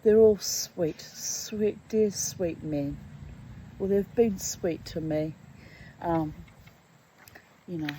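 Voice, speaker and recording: A woman's voice: fairly low pitch, extremely slow, long pauses, mellow, slight background noise, poor audio. A middle-aged woman talking candidly and emotionally in a rambling personal monologue, dropping to a whisper on some asides. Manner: candid, emotional and chatty, drifting between topics. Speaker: vlogger.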